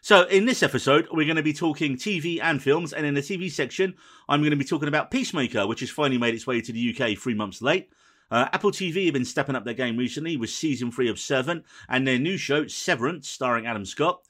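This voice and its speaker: A man hosting a podcast, running through the episode rundown in a quick, dry, teasing manner. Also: medium pitch, animated, a bit bright. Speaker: podcast host. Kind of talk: casual podcast chat.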